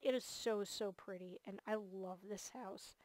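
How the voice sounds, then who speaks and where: This woman's medium-pitched voice is a bit slow and a little mellow as she hosts a multiplayer game series, tired and yawning. She gushes through a casual tour of the gameplay with plenty of filler words.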